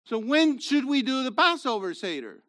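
A man's voice: extremely high pitch, sing-song, moderate pace, a bit bright. A man leading his congregation in a sermon, asking them questions and building to emphatic, rhetorical peaks. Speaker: messianic congregation leader.

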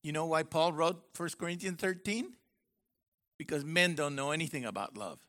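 A man preaching a sermon in an animated, joking way, acting out little voices as he goes. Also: on the high side, moderate pace. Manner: animated, jokey, acts out voices. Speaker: university professor.

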